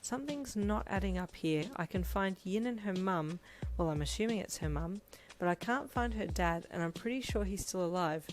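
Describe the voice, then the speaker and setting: A woman's voice: mid-range voice, lively intonation, moderate pace, close to an everyday voice. A woman voicing a cocky young male hero in a read-aloud story, breezy and teasing.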